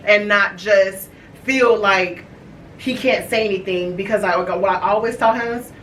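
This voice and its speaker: A woman's voice: mid-range voice, measured pace, a bit bright. Casual woman host in an echoey room. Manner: storytelling, acts out quotes, many fillers. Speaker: podcast host. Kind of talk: casual chat. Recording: echoey room, mic far off, faint noise.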